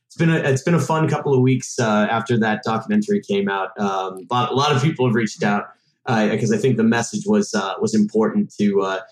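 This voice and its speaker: A Massachusetts man in his thirties, with a lowish voice and fairly quick delivery, is a guest on a podcast. He chats casually and rambles, full of fillers and restarts, and the recording has a roomy echo.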